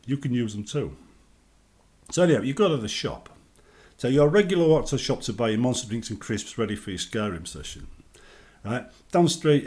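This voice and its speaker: Chatty british guy on a gaming vlog, lively voice, acts out little greetings. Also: mid-range voice. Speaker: gaming vlogger. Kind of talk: casual advice talk.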